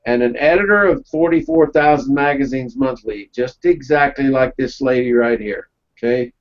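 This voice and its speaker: A man of ordinary pitch leads a relaxed round-table discussion, spinning folksy anecdotes and pausing to check in with the room. His voice comes through a dull, lo-fi recording that takes the shine off the highs. The talk is casual and unscripted. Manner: folksy storytelling, checks in with "okay?". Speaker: webinar presenter.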